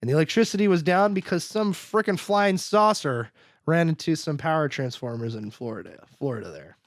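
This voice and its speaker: On a podcast, a male co-host with a fairly high pitch gives a relaxed film recap, voicing the characters' lines quickly and laughing as he goes. He trails off and picks back up repeatedly, and the studio-quality audio carries no echo.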